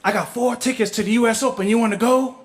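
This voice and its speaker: A man's voice: very high voice, steady tone, quick pace, voice pushed up. A man doing an eager young woman friend. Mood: coaxing.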